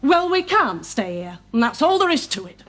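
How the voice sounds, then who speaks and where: An actress playing a blunt wife who refuses to stay. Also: female voice, high-pitched, big pitch swings, normal speed, a bit bright. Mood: indignant. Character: blunt, fed-up working wife.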